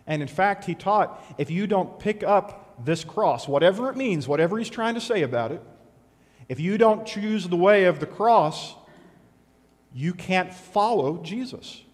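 Animated preacher man in a reverberant hall. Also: a little high. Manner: animated, conversational preaching with sudden loud bursts. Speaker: pastor. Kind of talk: sermon.

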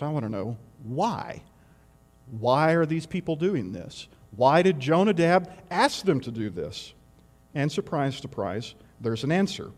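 A man preaching in a relaxed, conversational way, his fairly high voice carrying a long reverb through a large hall. He asks rhetorical questions and drops in wry asides. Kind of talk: sermon.

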